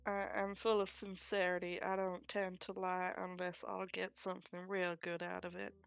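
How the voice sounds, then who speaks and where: A sly, self-serving character speaks softly and coyly, with a smooth voice that drops into fry. A woman voices this figure in a tabletop game. The sound is dry and close. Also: fairly low pitch, flat delivery, moderate pace, dry recording.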